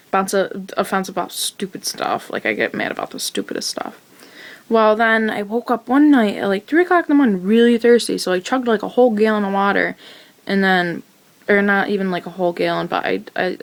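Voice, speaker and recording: Young woman rambling through her story. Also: mid-range voice. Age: teens. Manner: rambling, many "like" fillers and restarts. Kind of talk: casual personal storytelling.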